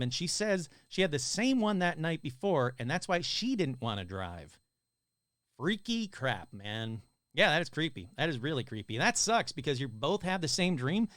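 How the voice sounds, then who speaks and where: Male podcast host, slightly high voice, chatty and casual, reading listener stories, dry close sound. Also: fairly bright tone, dry recording. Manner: casual, chatty, swears and jokes between stories.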